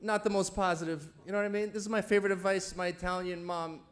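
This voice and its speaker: A man's voice: high-pitched, steady tone, fast. Teasing man chuckling through a roast. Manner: chuckles through his jokes, loose and teasing. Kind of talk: stand-up roast set. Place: banquet event before a live audience.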